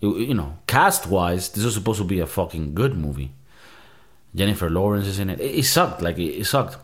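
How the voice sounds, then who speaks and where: A man's voice: deep voice, lively intonation, fairly quick. A man hosting a movie review show, ranting in a casual, profane, exasperated way.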